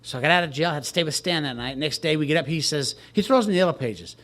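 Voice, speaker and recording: Older guy telling his recovery story, higher voice, dry jokey self-mocking delivery. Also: animated, quick pace, fairly bright tone. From Texas, USA. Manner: wry, joking storyteller who laughs at himself. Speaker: recovery speaker at a retreat. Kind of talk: personal recovery story told to a crowd.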